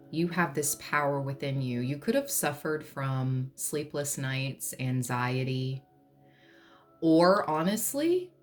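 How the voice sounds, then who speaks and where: A woman with a low voice gives an unhurried, joking tarot reading. She keeps things light and sometimes breaks into song. Soft music plays faintly behind her. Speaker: tarot reader. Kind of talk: pick-a-card tarot reading.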